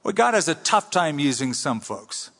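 A man preaches a conversational Bible sermon in a slightly high voice, swinging his delivery up and down with animated emphasis. The sound carries with a long reverb from a large hall. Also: moderate pace, creaky. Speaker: pastor.

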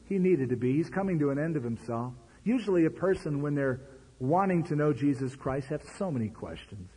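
A man preaching a sermon, his voice husky and strained. His pitch leaps up and drops back down as he talks. Everything rings with a long hall echo. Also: a little fast. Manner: animated, conversational preaching with sudden pitch jumps. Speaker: pastor.

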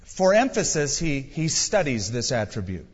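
A man's voice: medium pitch, big pitch swings, normal speed, breathy edge. A middle-aged man preaching a sermon in a conversational style with wry humor. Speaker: pastor. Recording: dull sound with long hall reverb.

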